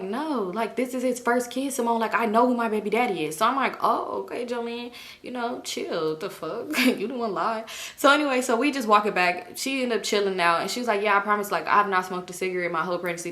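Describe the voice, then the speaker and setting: A young woman vlogger telling a storytime, animated, acting out quoted voices and swearing freely. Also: medium pitch, fast talker. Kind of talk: casual storytime.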